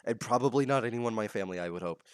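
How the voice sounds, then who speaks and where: A man's voice: fairly low pitch, racing, clear, resonant tone, dry recording, clean studio sound. A young man from Texas, co-hosting a casual podcast chat in a rambling, jokey, self-interrupting way. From Texas, USA. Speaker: podcast co-host.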